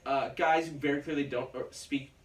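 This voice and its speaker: A man's voice: mid-range voice, fairly even intonation, moderate pace, roomy sound, far from the mic. A man co-hosting a casual film podcast from home, swearing freely and slipping into mocking voices. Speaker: podcast co-host. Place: home room.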